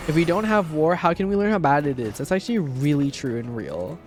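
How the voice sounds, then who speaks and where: A man's voice: a little high, expressive, a little fast, few pauses, noisy background. A man streaming, ranting casually with lots of swearing and mocking impressions of people he quotes. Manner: ranting, sarcastic, swears often; mocking voices when quoting people.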